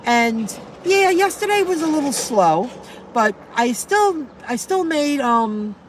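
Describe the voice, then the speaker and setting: A woman's voice: high-pitched, big pitch swings, slow pace, slight background noise. A middle-aged woman chatting casually on a live stream into her phone from a parked car, rambling and repeating herself as she answers viewers. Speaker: delivery driver live streamer.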